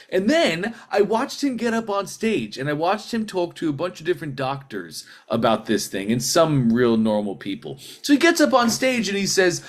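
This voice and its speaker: A man coaching a group in a casual teaching talk, telling stories in a lively, rambling way and acting out what people said. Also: on the high side, normal speed, few pauses. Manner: animated storyteller who acts out quotes; loose and rambling, with restarts. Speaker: sales training coach.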